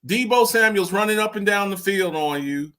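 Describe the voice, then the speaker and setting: A man with a high, bright voice talks sports with heat and emphasis. He hammers his points by saying them again and again, in a lively late-night show banter. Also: moderate pace. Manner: animated, emphatic, repeats himself. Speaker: show regular. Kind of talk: heated sports talk.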